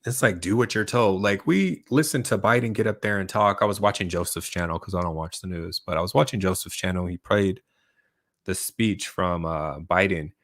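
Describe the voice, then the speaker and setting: Here a man hosts his own channel in a dry, studio-quality recording, his low-pitched voice fairly bright and at normal speed. He rambles casually through a livestream responding to viewers' comments, tagging "right?" onto lines and laughing as he goes.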